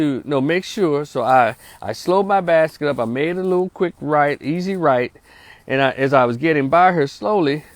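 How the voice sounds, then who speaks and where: Middle-aged man, somewhat high voice, slangy storyteller who checks in with listeners. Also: dry recording. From North Memphis, Tennessee. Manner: slangy, streetwise, asks listeners for agreement. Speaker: social worker and vlogger. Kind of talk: casual storytelling monologue turning to preaching.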